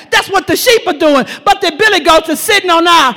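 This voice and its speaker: A woman preacher delivering a sermon, shouting and repeating lines for emphasis. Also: extremely high pitch, brisk, few pauses, in a large hall.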